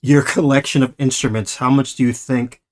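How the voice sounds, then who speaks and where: A man's voice: mid-range voice, steady tone, moderate pace. A young man hosting a podcast, asking questions in a laid-back, swearing, encouraging way. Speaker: podcast host. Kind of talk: casual podcast interview.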